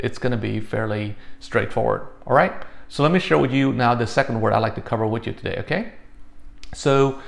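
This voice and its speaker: Guy teaching some phrases, kinda gravelly voice, lots of "all right?" and "okay?". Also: mid-range voice. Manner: explains patiently, many fillers and check-ins like "all right?". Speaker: language teacher. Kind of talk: casual spoken lesson.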